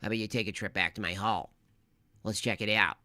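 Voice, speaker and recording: A scheming cartoon fox played by a man rattles off a quick, wheedling sales pitch. The voice is bright and fairly low, with a close, dry sound. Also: fairly even intonation, no room sound. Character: sneaky scheming male cartoon fox offering deals.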